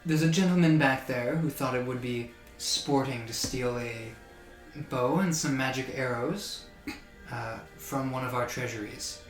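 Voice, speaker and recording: A man voicing a haughty young male noble who speaks with polite, measured condescension. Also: medium pitch, reverberant, faint music behind, close to an everyday voice. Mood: cool, condescending.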